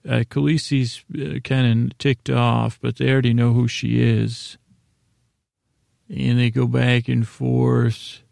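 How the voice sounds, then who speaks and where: Gravelly, flat-voiced man rambling a recap. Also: mid-range voice, dry recording, clean studio sound. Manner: meandering, halting, loosely paraphrases dialogue in a casual retelling. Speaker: sleep podcast host. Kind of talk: rambling episode recap meant for falling asleep.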